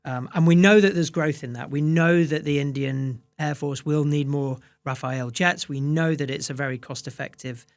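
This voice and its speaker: A man's voice: a little high, normal speed, hardly any pauses, dry recording, clean studio sound. A man, a fund manager, answering interview questions with many restarts and fillers. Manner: hesitant restarts, many "you know"s.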